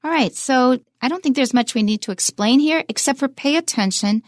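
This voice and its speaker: A woman's voice: high voice, brisk, no room sound. Bilingual woman teacher, dry studio voice. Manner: clear, explanatory, switching between English and Mandarin. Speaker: English teacher. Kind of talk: bilingual radio English lesson.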